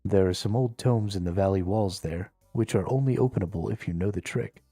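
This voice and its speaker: A man's voice: fairly low pitch, fairly quick, mellow, dry recording, clean studio sound, soft background music. A man voicing a bossy, snarky stray cat that scolds and insults a hero, reading game dialogue aloud on a live stream. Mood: scolding.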